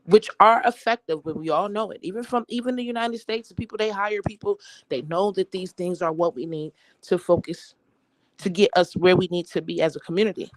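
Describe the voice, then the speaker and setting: A woman's voice: lowish voice, fairly quick, no room sound, poor audio. A woman calls in to a live talk show and questions the guest bluntly, with a skeptical edge. Her voice sounds dry and close. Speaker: caller. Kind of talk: phone-in question.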